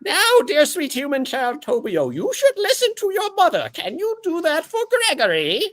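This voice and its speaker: Gregory, high floating orb mayor. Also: wildly swooping pitch, moderate pace, fairly bright tone, full character voice. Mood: doting, formal. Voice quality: high, lilting and formal, speaks of itself in third person. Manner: stiff, courtly phrasing, addresses people by species. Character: giant floating orb mayor with eye stalks, formal, doting.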